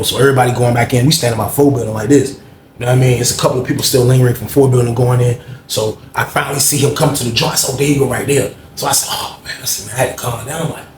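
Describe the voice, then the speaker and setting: A man casually telling a story, animated and acting out the people he quotes in a higher voice. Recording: echoey room with faint noise.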